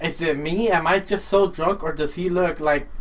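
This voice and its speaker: A young man in casual chat with his friends. His voice is notably high, and he keeps laughing as he talks. He tells his stories loosely, full of filler words. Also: moderate pace. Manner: laid-back, laughs often, many fillers. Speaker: podcast regular.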